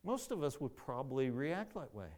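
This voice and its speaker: A man's voice: mid-range voice, big pitch swings, normal speed, a little mellow. A man preaching a sermon, earnest, often repeating words as he searches for the phrasing.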